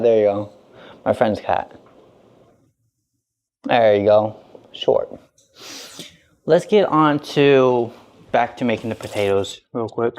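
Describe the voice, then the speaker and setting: A mid-pitched man chatting casually through a home cooking stream. He rambles easily and talks straight to his viewers while he works in his kitchen. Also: slow, pauses often, darkish tone.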